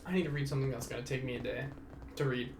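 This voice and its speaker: A man's voice: medium pitch, steady tone, rapid-fire, noisy background. A young man hosting a casual solo podcast, rambling and self-mocking, swearing freely. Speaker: podcast host.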